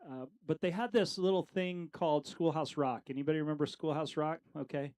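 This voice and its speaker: A man's voice: on the high side, a little fast, a little mellow, clean tone, rough recording. A middle-aged man leading a casual Bible study, talking conversationally with lots of fillers and questions to the group.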